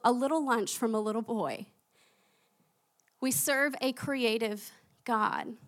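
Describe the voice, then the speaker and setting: A young woman preaching a sermon, chatty and animated, laughing at herself as she tells stories. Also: fairly high pitch.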